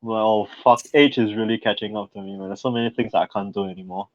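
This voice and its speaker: A young man, co-hosting a podcast in casual chat. He laughs often, swears freely and tells stories with animated energy. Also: fairly low pitch, quick pace, no room sound. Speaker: podcast co-host. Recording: dry, slightly dull podcast mic sound.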